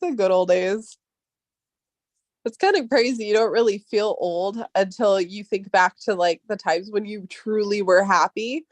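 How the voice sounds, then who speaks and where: A woman with a Californian Valley Girl accent chats casually at a measured pace, using upspeak, saying "like" constantly and swearing casually. She laughs often and jumps in pitch when quoting people, and the sound is dry with no echo.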